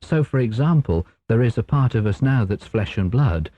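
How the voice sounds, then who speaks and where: An English man, a clairvoyant guest, explaining his ideas in a measured way on a radio phone-in. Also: medium pitch, lively intonation, mellow, no echo. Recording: dull lo-fi radio broadcast.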